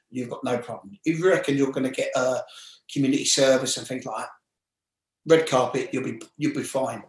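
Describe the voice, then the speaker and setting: The audio is poor and the room sounds roomy as a medium-pitched man in his forties, London-accented, tells casual stories. He's an ex-footballer being interviewed, animated throughout and performing the voices of whoever he quotes.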